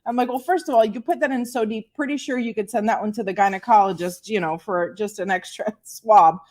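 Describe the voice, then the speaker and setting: A woman in her forties tells a story in relaxed podcast chat. She is animated and quick to laugh, and she slips into little voices for the people in her tale. Her voice sits at a middling pitch. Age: 40s. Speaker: podcast guest. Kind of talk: casual storytelling.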